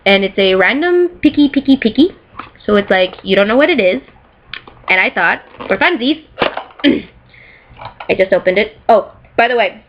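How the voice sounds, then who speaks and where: A woman vlogger chatting casually and excitedly about things she bought, rambling and giggling, recorded in a bedroom. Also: on the high side, unhurried, long pauses. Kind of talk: casual chat showing off purchases. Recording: slightly dull lo-fi sound.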